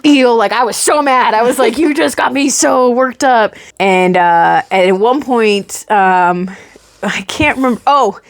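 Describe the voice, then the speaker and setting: Animated woman telling a story. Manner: animated, swears freely, acts out her own panic with big pitch jumps. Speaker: podcast co-host. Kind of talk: casual storytelling chat.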